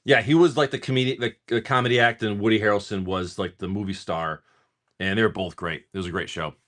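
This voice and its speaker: A man's voice: on the low side, fairly even intonation, fast talker, fairly bright tone. A middle-aged man casually chatting and swearing while he opens card packs for viewers on a livestream. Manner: chatty, swearing, rambling storyteller. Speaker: livestream card-breaking host.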